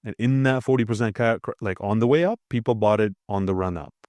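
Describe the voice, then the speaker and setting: Deep-voiced, slightly nasal man. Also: fast, darkish tone, dry recording. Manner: blunt, swearing, frequent "okay?" check-ins. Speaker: crypto channel host. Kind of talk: casual talk over a price chart.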